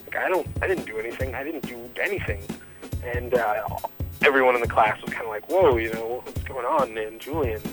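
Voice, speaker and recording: A man with a mid-range voice tells a personal story for a radio show in a casual, relaxed way. He voices each person's lines as he recounts them. Faint music plays underneath. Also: mid-range voice, fairly quick, poor audio. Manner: casual, acts out quoted dialogue.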